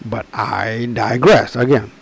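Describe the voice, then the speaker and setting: A man presenting his own book in a rambling monologue, emphatic and profane, often slowing to drag out his words, with frequent restarts and asides. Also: lowish voice, steady tone, gravelly, breathy edge, rough recording. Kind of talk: rambling direct-to-camera monologue.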